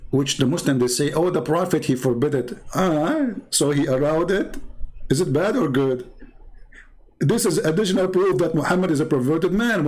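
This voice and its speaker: A man giving sarcastic commentary while reading from his screen. He speaks broken, non-native English with heavy mocking irony and sudden leaps in pitch. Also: a little mellow. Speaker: online religious critic.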